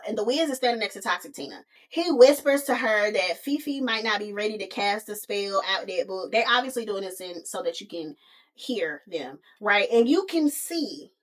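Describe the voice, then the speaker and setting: A woman hosting a podcast, retelling a story in a sassy, casual way and calling listeners honey and baby. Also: fairly high pitch. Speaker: podcast host. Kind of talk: casual movie recap.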